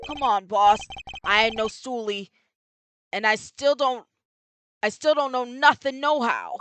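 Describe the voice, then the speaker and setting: A woman's voice: a little high, expressive, unhurried, fairly bright tone, slight background noise. A woman voicing a tough male boxer in prison who talks in street slang and keeps denying everything. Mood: defiant. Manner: streetwise slangy mumbling denials.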